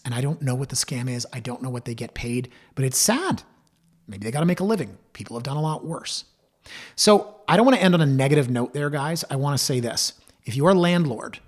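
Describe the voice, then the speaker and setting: A man's voice: medium pitch, breathy edge. A middle-aged man hosting a podcast, talking candidly and chattily to listeners, acting out quoted voices. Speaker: podcast host. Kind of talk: casual solo podcast talk.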